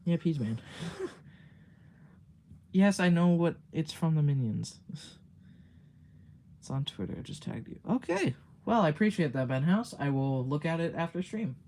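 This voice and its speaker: A man's voice: on the high side, very animated, a little slow, darkish tone. A man chatting on a livestream, rambling with filler words, giggling often and swearing casually. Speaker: streamer.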